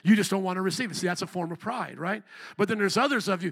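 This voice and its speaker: A male pastor preaching with an animated, conversational delivery. He slips into acted-out voices and calls out to the congregation. His voice is high and bright. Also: quick pace, vocal fry. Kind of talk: sermon.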